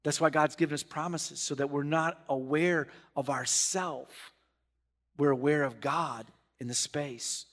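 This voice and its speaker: A middle-aged male pastor preaching with a high, ringing voice. He moves from hushed, reflective passages to loud, animated bursts as he reads scripture and drives his points home. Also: a little slow. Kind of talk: sermon.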